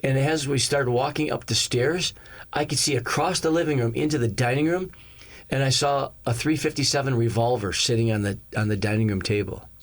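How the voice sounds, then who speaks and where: A male pastor telling a story to his congregation. His delivery is lively, and he slips into the voices of the people in the story, bouncing up in pitch to play them. His own speaking voice sits at a middle pitch for a man. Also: fairly quick. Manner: animated, acts out each character's lines in the story. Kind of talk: storytelling sermon.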